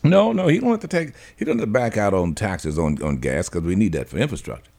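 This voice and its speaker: A man's voice: lowish voice, sing-song, fast, vocal fry, a little mellow. A man hosting a radio talk show, delivering an opinionated monologue in a folksy, preachy way and laughing between his points.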